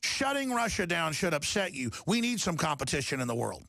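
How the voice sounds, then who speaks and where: Talk host, middle-aged man, gravelly and forceful, ranting hard, dry close sound. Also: fairly high pitch, fairly quick, no echo. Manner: impassioned, rising to shouting then calming. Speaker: radio talk show host. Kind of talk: ranting talk radio monologue.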